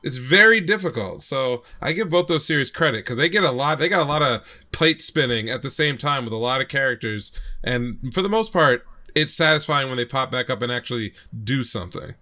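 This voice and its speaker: A man's voice: mid-range voice, lively intonation, brisk, pushed and bright. A man co-hosting an anime podcast, chatting casually, laughing easily and teasing his co-host.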